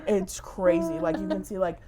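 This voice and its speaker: Slangy, animated young woman, lower voice. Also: normal speed, crowd noise. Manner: animated storyteller, slangy, says "dude" and "literally". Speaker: podcast co-host. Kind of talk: casual chat.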